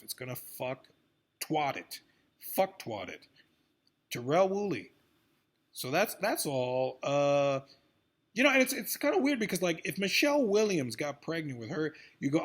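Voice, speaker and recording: A man's voice: a little high, very animated, unhurried, a bit bright, husky. A man in a rambling, profane vlog rant about celebrity news, swinging between grumbling and outbursts. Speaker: vlogger.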